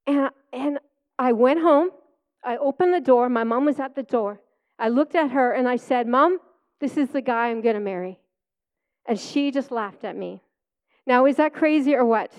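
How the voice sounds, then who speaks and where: High-voiced woman telling a testimony. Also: normal speed, a little mellow. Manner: chatty storytelling with frequent laughs. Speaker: preacher. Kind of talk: personal testimony sermon.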